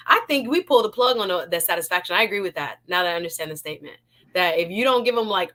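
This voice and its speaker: A Jamaican woman with a mid-range voice talks fast while hosting a live online talk show. She's lively and playful, laughing often as she greets viewers and gives shout-outs to the chat.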